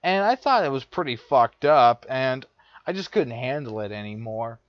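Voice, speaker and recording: A man's voice: medium pitch, lively intonation, moderate pace, dry recording. A young man vlogger telling a personal story in a profane, repetitive, exasperated rant. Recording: dull lo-fi dry recording.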